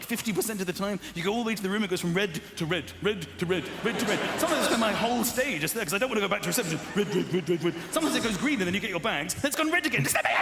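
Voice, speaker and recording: A man doing a stand-up routine, telling self-mocking stories in an animated way. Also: high-pitched, reverberant, noisy background. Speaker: stand-up comedian.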